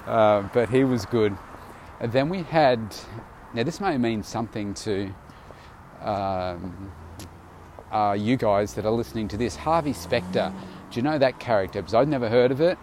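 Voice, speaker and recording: Tired man rambling in a low voice. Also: darkish tone, slight background noise. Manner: rambling, loose, many fillers and restarts. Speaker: vlogger. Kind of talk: casual audio diary.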